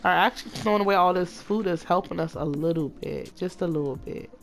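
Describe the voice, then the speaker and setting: A woman giving casual, chatty commentary as she plays a life-simulation game, talking excitedly to her viewers. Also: on the low side, fairly quick, soft background music. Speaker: let's play host.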